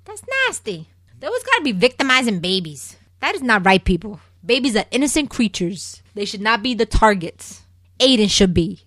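A woman's voice: mid-range voice, normal speed, no echo. Chatty woman recapping soap episodes. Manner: chatty, animated, opinionated, addresses listeners as "people". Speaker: soap opera recap host. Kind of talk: casual chat.

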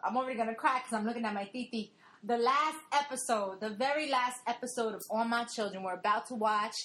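Woman hosting a podcast at home, higher voice, laughs a lot, roomy echo. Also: a little fast, fairly bright tone. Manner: emotional, gushing, laughs often. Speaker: podcast host. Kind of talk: casual chat. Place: home, family gathering.

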